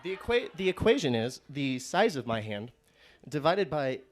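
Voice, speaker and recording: A man's voice: on the high side, sing-song, normal speed, background noise. A young man performing a student stand-up set, rambling and restarting his sentences. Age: young adult. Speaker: stand-up comedian.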